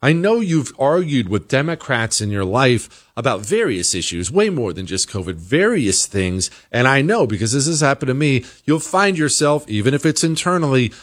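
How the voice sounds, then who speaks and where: American man, talk show host, lively swooping pitch, emphatic monologue. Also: moderate pace, few pauses. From United States. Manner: emphatic, rising to high-pitched exasperation.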